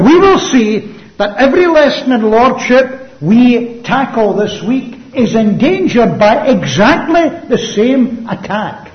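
A man preaching a sermon emphatically, with rhetorical questions and swings between loud and hushed delivery. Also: sits high. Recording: dull lo-fi sound.

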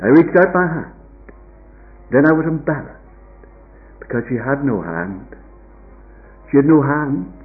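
An older man preaching a sermon, with a slow, dramatic delivery that rises high and drops to a hush. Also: lively intonation. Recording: tinny phone-like recording.

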